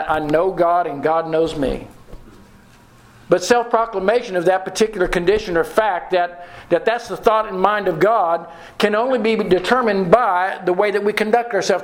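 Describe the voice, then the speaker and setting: A man with a high voice delivers a sermon. He is earnest, slows right down on quoted verses and repeats key phrases for emphasis. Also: low-quality recording. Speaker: preacher.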